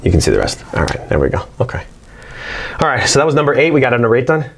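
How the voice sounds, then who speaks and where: A man's voice: mid-range voice, very animated, rapid-fire. A man teaching a casual whiteboard math lesson, chatting as he works through problems. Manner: chatty, talks to his barking dog between problems.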